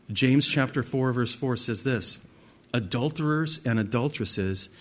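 Man, pastor, Bible teaching, reads verses aloud, conversational explanations, speaks straight to listeners, mid-pitched voice. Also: a little mellow. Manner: addresses listeners directly as "guys".

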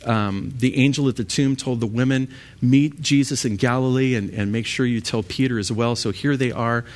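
A man's voice: medium pitch, fairly even intonation, moderate pace. A man leading an evening Bible study as pastor, talking through scripture in a conversational way with fillers and restarts.

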